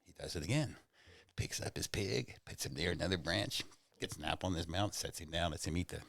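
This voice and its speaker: A man with a very low voice tells animated, rambling stories and jokes, often poking fun at himself. He sounds close and dry, as in a small studio. His delivery stays loose and conversational. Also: fairly quick, vocal fry, no room sound. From Oklahoma, USA. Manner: animated, rambling, self-mocking. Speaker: guest, stand-up comedian. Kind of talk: casual storytelling and joke-telling. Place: podcast studio.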